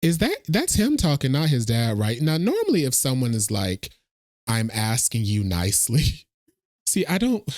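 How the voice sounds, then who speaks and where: A man's voice: fairly low pitch, no echo, studio quality. Chatty man reacting to a trailer. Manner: chatty, thinks aloud, addresses viewers as y'all. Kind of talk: casual reaction commentary.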